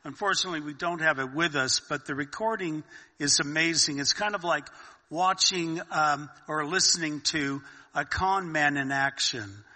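A man hosting a casual chat and recounting a story in an unhurried way, with a lot of filler words, heard in a reverberant room. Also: fairly high pitch, pushed and bright. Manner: unhurried, with many fillers and restarts.

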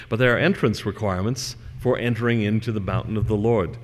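Fast and with few pauses, the same fairly low-pitched man lectures on religion to a hall audience, the sound echoing with long reverb. He reads scripture, then chats off on tangents peppered with fillers.

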